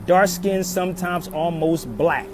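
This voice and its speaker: A social media commentator from Philadelphia delivers an impassioned street monologue outdoors, emphatic and preachy, returning to the same pleas over and over. His voice is slightly high, steady in tone and a little slow. City traffic rumbles audibly in the background.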